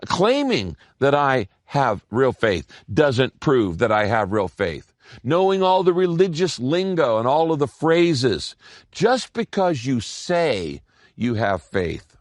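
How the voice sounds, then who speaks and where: Lively emphatic male pastor preaching. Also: medium pitch, slow pace, no echo, clean studio sound. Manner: lively, emphatic preaching with repeated key phrases. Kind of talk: sermon.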